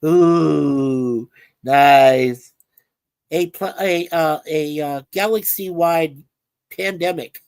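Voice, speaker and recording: On a dry recording, a livestream co-host reads out viewer comments and chats casually, dropping in plenty of filler words. She has a lowish voice and talks a little slowly.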